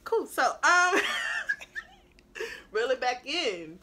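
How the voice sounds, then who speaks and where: A young woman telling a casual storytime, animated and blunt with plenty of swearing, dropping into low asides and rising into loud outbursts. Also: drawn-out words, a little hiss or hum. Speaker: beauty vlogger telling a story.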